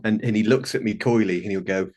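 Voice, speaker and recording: A man in his fifties on a video call from his bedroom at home, telling family anecdotes in a rambling, warm way with many restarts. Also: on the low side, quick pace. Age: 50s. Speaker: participant sharing a story. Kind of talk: casual video-call storytelling.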